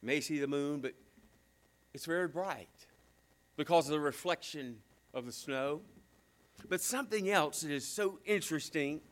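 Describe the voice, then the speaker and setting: A man preaching a sermon as a pastor, swinging between emphatic fast bursts and slow hushed phrases. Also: a little high. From southern United States.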